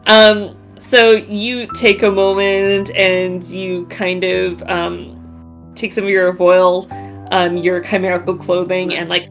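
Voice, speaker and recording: A woman narrating a tabletop role-playing game in a relaxed, chatty way with many fillers. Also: on the low side, takes it slowly, soft background music. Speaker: game master.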